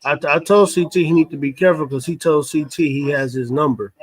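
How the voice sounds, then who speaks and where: Male panel guest, slightly high, animated and slangy, dry close sound. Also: brisk, dry recording. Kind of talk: casual panel chat.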